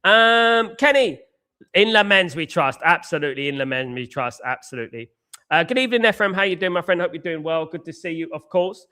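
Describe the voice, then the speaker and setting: A young Englishman hosts a live football stream, ranting with passion and taking mocking jabs at rival fans. His voice is fairly high, fast, pushed, and bright.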